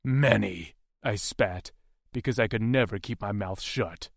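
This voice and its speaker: A man narrating an audiobook in the first person, with steady, unhurried storytelling. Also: fairly low pitch, dry recording, studio quality.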